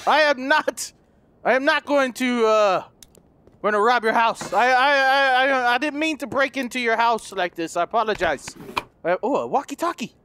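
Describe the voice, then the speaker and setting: A man doing playful let's play commentary, goofy and loud, who repeats lines and yells when startled. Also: moderate pace, a little hiss or hum. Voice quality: high-pitched comedic voice. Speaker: gaming YouTuber.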